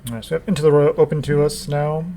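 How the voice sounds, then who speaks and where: A man's voice: a little high, level tone, rapid-fire, warm tone, slight background noise. A man giving casual commentary over his own gameplay, dry and wry in his asides to the opponent.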